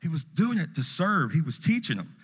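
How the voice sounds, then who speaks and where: A man's voice: fairly high pitch, sing-song, a little fast, fairly bright tone, slightly rough. A middle-aged male pastor giving a sermon in a folksy, conversational way, with storytelling asides. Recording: long reverb of a hall.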